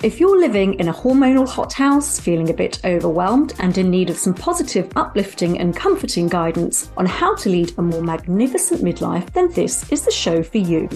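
A middle-aged woman, co-hosting a podcast, chatty and quick to laugh. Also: lowish voice, very animated, darkish tone, soft background music. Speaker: podcast co-host. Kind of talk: casual chat.

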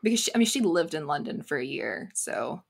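An American woman talking as a guest on a podcast, bubbly and quick to laugh. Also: low voice, big pitch swings, creaky, slightly rough. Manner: bubbly, laughs often, many fillers. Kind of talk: casual interview chat.

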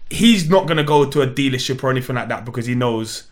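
A man, co-hosting a podcast and telling stories in animated casual chat, acting out other people's lines. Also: medium pitch, fast, a little hiss or hum. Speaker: podcast co-host.

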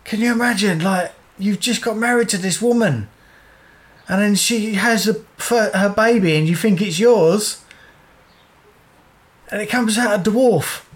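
A man's voice: sits high, a little slow, long pauses. A man co-hosting a podcast, reacting bluntly with a lot of swearing in casual chat. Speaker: podcast co-host.

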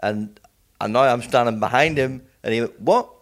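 A middle-aged comedian appears as a guest, chatting through anecdotes and jokes and animatedly acting out the people in them. His voice is medium-pitched and creaky, at a moderate pace.

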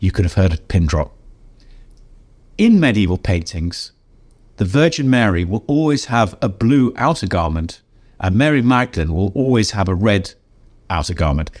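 An older English man, a game designer being interviewed, telling anecdotes in a lively way and acting out the voices of people he quotes. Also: on the low side, normal speed. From England. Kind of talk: animated storytelling in an interview.

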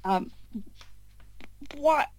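A woman co-hosting a casual football podcast, playful and teasing with quick jokes. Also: poor audio. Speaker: podcast co-host.

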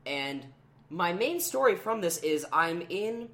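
A man's voice: sits high, slow pace. A man hosting a podcast, telling a story in casual chat, acting out the quotes with lots of fillers. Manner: animated, acts out quotes with many fillers. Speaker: podcast host.

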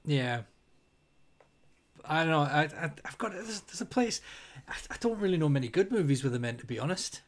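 Scottish male co-host, relaxed and conversational, a bit sweary. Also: a little high, brisk, long pauses. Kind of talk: casual chat.

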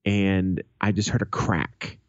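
A man's voice: low-pitched, flat delivery, slow pace, no room sound. A man co-hosting a podcast, telling a rambling story in casual, heavily profane chat. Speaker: podcast co-host. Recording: dull lo-fi sound.

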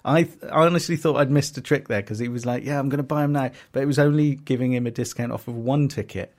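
A man with a gravelly edge to his voice, co-hosting a casual podcast. He tells stories at length, looping back with ums and restarts, at a middle pitch. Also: fast. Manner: rambling storytelling with fillers and restarts. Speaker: podcast co-host and comedy promoter. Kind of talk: casual chat.

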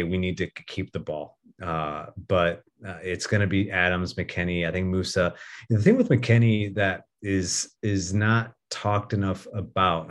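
A man with a low voice joins a soccer podcast as a guest. He talks in a relaxed, thinking-aloud way and works through his points as he goes. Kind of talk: casual soccer podcast chat.

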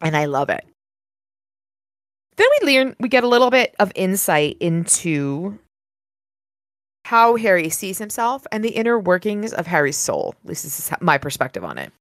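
Excitable woman reading a novel aloud. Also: on the low side, normal speed, long pauses, no room sound, clean studio sound. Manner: excitable, swears when surprised. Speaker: podcast host.

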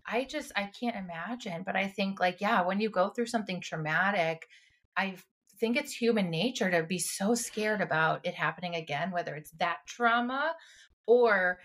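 A woman's voice: medium pitch, normal speed, a bit bright. A woman co-hosting a podcast as a clinician, chatting casually and retelling scenes with emotion. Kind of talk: casual chat.

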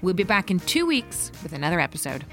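A woman's voice: lowish voice, sing-song, quick pace, loud music behind the voice. A woman hosting a podcast, chatting casually with a giggly, self-deprecating manner and reading an outro. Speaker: podcast host. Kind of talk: casual chat and scripted outro.

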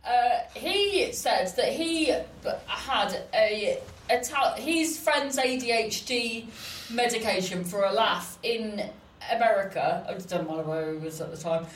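A woman's voice: fairly high pitch, animated, a little slow. A woman comedian chatting on a podcast, rambling, trailing off and restarting her sentences. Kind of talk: casual podcast chat. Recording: roomy, distant mic with faint noise.

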